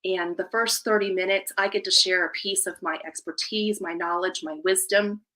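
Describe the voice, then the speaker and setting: Bright-voiced energetic woman coach. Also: fairly low pitch, moderate pace, poor audio. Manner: energetic, emphatic motivational delivery. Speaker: life coach, guest. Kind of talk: live podcast interview.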